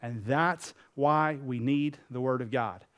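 A man's voice: medium pitch, slow pace, fairly bright tone, smooth. A man preaching a sermon as pastor, earnest and emphatic, telling stories with voiced characters.

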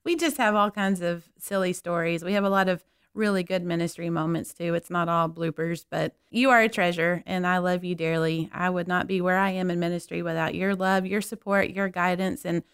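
A woman's voice: on the low side, fairly quick, clear, resonant tone, dry recording, clean studio sound. A woman hosting a church podcast, animatedly telling stories and acting out quotes. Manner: animated storyteller, acts out quotes. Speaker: podcast host. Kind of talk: casual storytelling chat.

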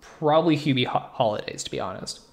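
A man co-hosting a podcast in casual chat, joking and rambling with quick asides. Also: mid-range voice, creaky. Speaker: podcast co-host.

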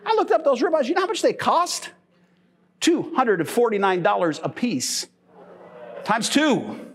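A middle-aged man pastor preaching a humorous, animated sermon in church, telling stories and laughing as he goes. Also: very high-pitched, measured pace, slight background noise.

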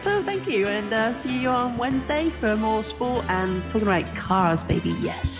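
A woman's voice: on the high side, lively intonation, moderate pace. A woman from the UK co-hosting a casual talk show, giggly and agreeable. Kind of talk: casual chat. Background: music.

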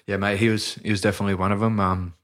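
Deep-voiced laid-back Australian man. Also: flat delivery, very fast, a bit bright. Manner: laid-back, rambling, many restarts and "mate". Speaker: guest, professional rugby league player. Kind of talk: casual podcast chat.

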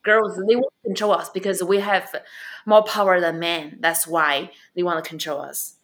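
A woman stand-up comedian and club owner with a non-native accent, answering interview questions bluntly and with animated storytelling. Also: on the low side, moderate pace. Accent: non-native English accent.

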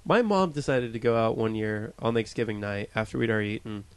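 A man's voice: fairly low pitch, animated, fast, crowd noise. A young man co-hosting a podcast, chatting casually in a rambling, self-deprecating way with the odd swear. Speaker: podcast co-host. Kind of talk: casual chat.

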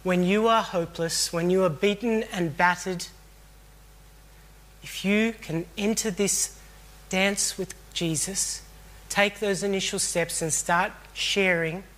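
A man's voice: sits high, a bit bright. A man preaching a sermon in an earnest, reflective way, often repeating phrases for emphasis.

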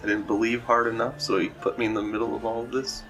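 A man's voice: medium pitch, little pitch movement, fast, fairly bright tone, faint music behind, natural voice, low-quality recording. A man voicing an earnest woman cleric who asks searching questions, role-playing at a tabletop game. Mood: doubting. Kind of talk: tabletop role-play in character.

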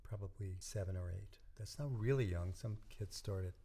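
An older man, a musician and dentist, chatting as an interview guest and telling stories in a relaxed way that often trails off softly. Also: sits low, moderate pace. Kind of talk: casual interview talk.

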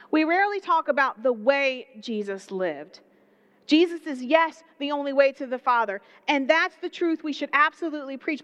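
High-voiced Southern woman preaching a sermon. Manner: animated, conversational preaching with playful asides. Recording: dull lo-fi sound.

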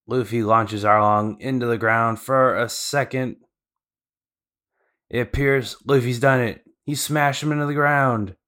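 A man's voice: medium pitch, steady tone, a little slow, a bit bright. A man co-hosting a podcast, recapping the story in a casual, slangy way with loose fillers. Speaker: podcast co-host.

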